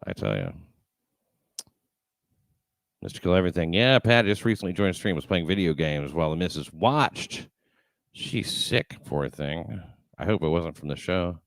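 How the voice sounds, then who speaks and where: A man's voice: sits low, expressive, moderate pace, no room sound. A man hosting a livestream, chatting casually and reading viewer comments, rambling and swearing with many fillers and restarts. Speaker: show host reading live chat.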